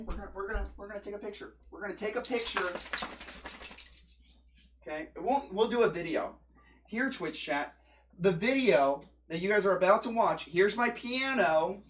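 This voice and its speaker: A man with a fairly high voice talks casually to his livestream chat from a room at home. He rambles and jokes as he goes, and his voice sometimes drifts off the mic when he moves around. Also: bright, forceful tone. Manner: drifts away from the mic while moving around.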